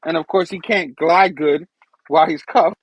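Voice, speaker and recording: A man's voice: on the high side, steady tone, moderate pace, husky, no echo, rough recording. A man hosting a show, casually retelling a comic book with laughs and rambling asides. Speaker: host.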